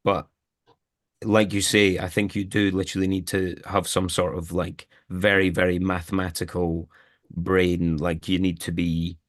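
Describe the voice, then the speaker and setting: A man's voice: sits low, little pitch movement, measured pace, no echo, studio quality. A man, an actor as a guest, chatting casually in an interview, rambling with many restarts and fillers.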